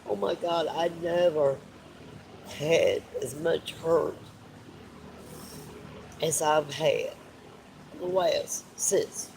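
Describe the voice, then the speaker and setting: A man's voice: a little high, extremely slow, creaky, long pauses, darkish tone, slight background noise, poor audio. A man, crying as he talks heartfelt and repetitive to viewers on a live stream. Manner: tearful, heartfelt, repeats himself. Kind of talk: emotional live stream talk.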